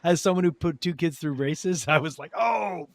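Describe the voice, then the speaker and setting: A man's voice: on the high side, a little fast, no room sound. A middle-aged man co-hosting a podcast, chatting casually and laughing easily. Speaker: podcast co-host.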